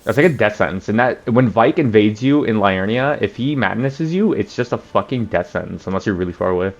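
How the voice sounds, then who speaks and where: Lively, low-voiced man cursing through gameplay. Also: brisk, lo-fi sound. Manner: profane, joking, laughs often. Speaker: let's play host. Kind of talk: casual gameplay commentary.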